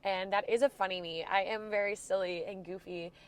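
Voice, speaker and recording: A woman's voice: medium pitch, steady tone, fairly quick, smooth. A woman in her twenties from Florida with a stuffy nose from a cold, talking through a reflective, rambling weekly diary check-in for her vlog. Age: 20s. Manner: reflective, rambling, soft-spoken. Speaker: vlogger.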